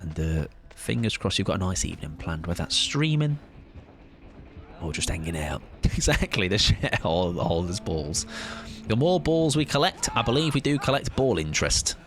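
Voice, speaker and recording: A man's voice: very animated, normal speed. Chatty man streaming a game. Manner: chatty, greets chat, yelps in high bursts during play. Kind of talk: casual gaming livestream chat.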